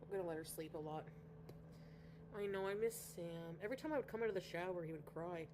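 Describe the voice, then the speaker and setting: A woman's voice: lowish voice, quick pace, background noise. A woman from Canada chatting casually on a livestream, rambling and greeting viewers by name. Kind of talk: casual livestream chat reading viewer comments.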